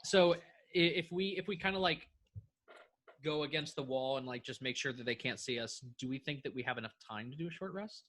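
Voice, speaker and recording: A man's voice: medium pitch, fairly quick, fairly bright tone. A man playing a tabletop game, asking eager, hesitant questions. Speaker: player. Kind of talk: casual tabletop game play.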